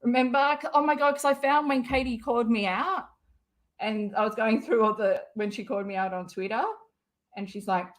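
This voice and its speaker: A woman's voice: a little high, steady tone, a little fast. A young adult woman, chatting casually on a livestream, rambling, swearing often and laughing a lot. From Western Australia. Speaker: livestream host.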